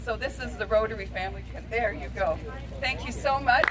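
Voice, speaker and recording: A woman's voice: on the high side, a little fast, heavy background noise. Heartfelt woman, district governor. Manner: heartfelt, thankful. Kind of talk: ceremony speech.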